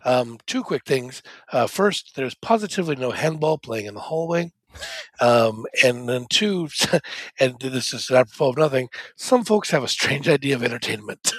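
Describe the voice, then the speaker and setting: Husky man telling stories on a podcast. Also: medium pitch, expressive, normal speed, a bit bright, dry recording. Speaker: podcast co-host. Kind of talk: casual chat.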